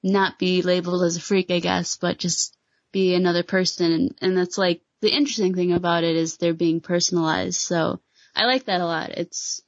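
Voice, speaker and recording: A woman with a fairly low voice chats casually about a show, hedging her points with fillers. The sound is dry and a little dull, like a lo-fi recording. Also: fairly even intonation, normal speed, dry recording. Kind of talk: casual chat.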